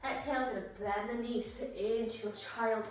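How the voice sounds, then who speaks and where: Woman yoga teacher, high voice, a bit breathless, encouraging cues; heard far off in a very echoey room over music. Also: fairly even intonation, normal speed. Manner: encouraging, cueing breath and poses. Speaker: yoga instructor. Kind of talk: guided yoga flow instruction.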